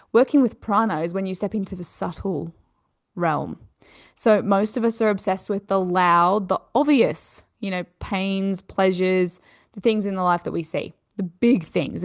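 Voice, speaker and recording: Earnest Australian woman teaching yoga. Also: medium pitch. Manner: earnest, explaining, leans on "you know" and "okay". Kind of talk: explanatory teaching talk.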